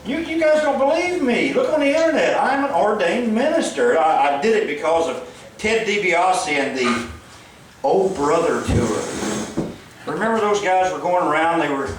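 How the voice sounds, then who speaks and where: A man's voice: a little high, animated, normal speed, background noise. A man with a Southern accent telling crude, rambling jokes to a live audience as a guest speaker. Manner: profane, joking, rambling. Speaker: guest speaker at a fan event. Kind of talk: crude comedic stage talk. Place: event hall stage with audience. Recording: echoey hall heard from far off.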